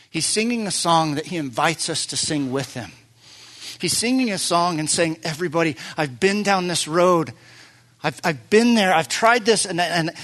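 Earnest male pastor preaching a sermon. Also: on the high side. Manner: earnest, building to loud emphatic peaks then dropping quiet.

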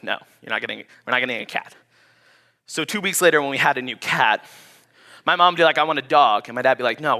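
A young man preaching with a bright, forceful voice that sits a little high. He tells stories in a lively, conversational way as a pastor giving a sermon. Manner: animated, storytelling, conversational. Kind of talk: sermon with personal story.

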